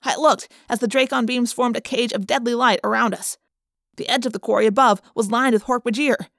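Woman narrator, storybook reading, fairly high voice, dry close sound, dramatic delivery. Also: steady tone, fairly quick, vocal fry, fairly bright tone, dry recording. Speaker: audiobook narrator. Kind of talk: first-person storybook narration.

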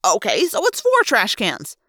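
Woman reading as a flippant teenage boy, wisecracking, bright voice, lively ups and downs. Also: medium pitch, measured pace, no room sound, clean studio sound, heavily acted. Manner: breezy, flippant quips.

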